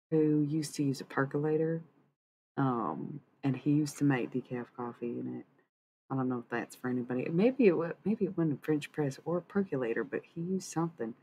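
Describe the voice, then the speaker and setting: A woman's voice: sits low, brisk, dark tone, a little hiss or hum, low-quality recording. A woman livestreamer rambling casually with her viewers, cursing freely as she talks. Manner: rambling, profane, chatty.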